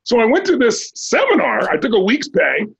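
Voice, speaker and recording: A man in his sixties from Southern California, a podcast guest telling his life story in an animated way, acting out the dialogue. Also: extremely high pitch, moderate pace, creaky, dull audio, slight background noise. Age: 60s. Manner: animated, acts out quoted dialogue in a raised voice.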